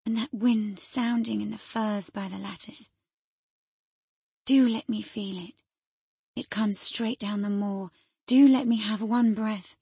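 A woman's voice: medium pitch, steady tone, takes it slowly, vocal fry, long pauses, mellow, breathy edge, no echo, clean studio sound, full character voice. A woman reading the part of a feverish, frightened young noblewoman, with anxious, breathless lines that often drop to a whisper. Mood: pleading. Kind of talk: audiobook character reading.

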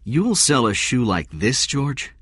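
A man's voice: mid-range voice, very animated, takes it slowly, fairly bright tone, breathy edge, no room sound, voice pushed up, exaggerated voice. A man voicing a blunt, principled male shoe executive in his forties, speaking dryly and firmly in a read story. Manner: dry, firm, plain-spoken.

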